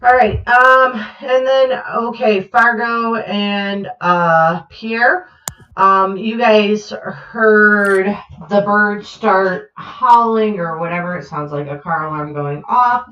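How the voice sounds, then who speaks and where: A woman runs a tabletop game at an unhurried pace, relaxed and filling pauses with ums. Her voice sounds roomy and a little dull, like online call audio. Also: mid-range voice. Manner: relaxed, hesitant with many fillers. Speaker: game master.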